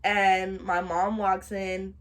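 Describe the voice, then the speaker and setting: A young woman telling a funny childhood story in a casual storytime, animated and dramatic, laughing as she goes. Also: medium pitch, slow pace. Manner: animated and dramatic, shouting and wailing re-enactments.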